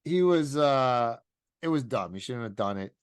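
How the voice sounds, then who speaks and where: A man, a comedian co-hosting a podcast, telling stories loosely with quick asides. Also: mid-range voice, lively intonation. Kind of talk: casual podcast chat.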